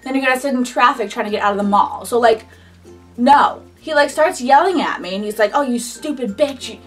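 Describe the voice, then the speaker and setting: A woman's voice: fairly high pitch, a little fast, distant mic, faint music behind. A young woman casually telling a personal story in a chatty style, full of "like". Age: young adult. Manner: chatty, frequent "like", animated retelling. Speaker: vlogger.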